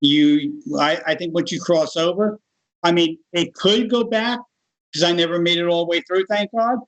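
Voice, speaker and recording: A middle-aged man with a fairly high voice tells a personal story in a relaxed, conversational way. He livens it up by acting out the other people's lines in changed voices. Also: normal speed, poor audio. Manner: animated, acts out other people's voices in his stories. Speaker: guest. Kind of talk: casual storytelling.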